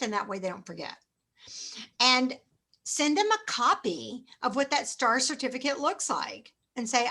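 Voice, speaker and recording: A middle-aged woman giving a chatty, self-mocking motivational sales training talk, acting out phone pitches. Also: big pitch swings, measured pace, pushed and bright.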